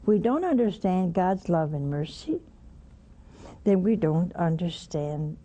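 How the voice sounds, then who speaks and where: Slow, animated woman preaching. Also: fairly low pitch, muffled recording. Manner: animated, blunt, teasing asides to listeners. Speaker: religious broadcaster teaching scripture. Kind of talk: spoken sermon.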